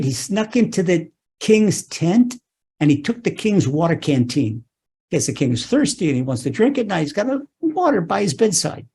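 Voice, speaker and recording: A man teaching as a rabbi, telling a scripture story in an animated way, restarting phrases and saying "okay" often. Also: a little high, gravelly, husky.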